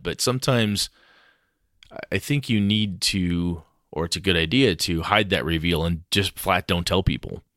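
A man co-hosting a casual chat about running tabletop games, animated and acting out players' voices. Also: fairly low pitch, no room sound, clean studio sound. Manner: animated, acts out players' lines, swears casually. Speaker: game master podcast co-host.

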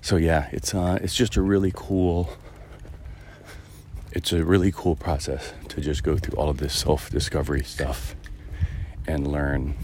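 Very deep-voiced man musing aloud. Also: flat delivery, unhurried, a little mellow, slight background noise. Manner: rambling, musing, with many fillers and restarts. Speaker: podcast host. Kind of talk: casual reflective monologue. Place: outdoors, walking a dog through a neighborhood.

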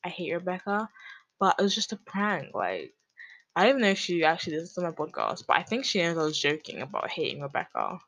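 Podcast host, woman, lower register, loose slangy self-mocking rambling. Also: huge pitch swings, quick pace, a bit bright, poor audio. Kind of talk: casual rambling monologue.

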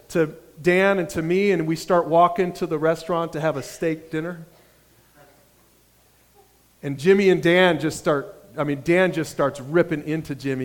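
Storytelling pastor in a reverberant hall. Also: male voice, fairly high pitch. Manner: storytelling, with repeated restarts and animated emphasis. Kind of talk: sermon.

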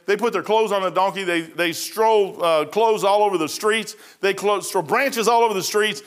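A man's voice: high-pitched, moderate pace, few pauses. A middle-aged male pastor preaching a sermon in a rambling, folksy storytelling way, with frequent restarts.

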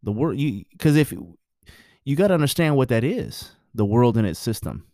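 A man's voice: medium pitch, sing-song, moderate pace, mellow, no room sound, studio quality. A married man giving his views in a blunt, preachy, profane casual monologue.

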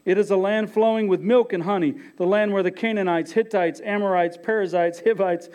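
A man's voice: sits high, steady tone, a little fast, darkish tone. A middle-aged man preaching a sermon as pastor, emphatic and talking straight to his listeners. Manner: emphatic, addresses listeners as "guys".

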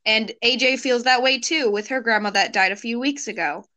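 A woman's voice: on the high side, moderate pace, pushed and bright. A teenage girl hosting a casual chat with friends, earnestly recounting personal memories. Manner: earnest, reflective storytelling with frequent laughs. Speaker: podcast host.

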